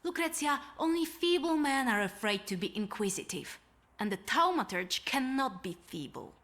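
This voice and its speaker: A woman's voice: high voice, expressive, moderate pace, a bit bright. An actress playing an earnest young woman who is fascinated by magic and speaks in a formal way.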